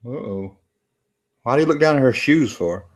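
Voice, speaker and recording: A man's voice: medium pitch, animated, normal speed. A man, casually talking over a movie and reading chat aloud on a late-night stream. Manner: laid-back, rambling, jokey asides. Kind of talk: casual live commentary while reading chat. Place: home room, late at night.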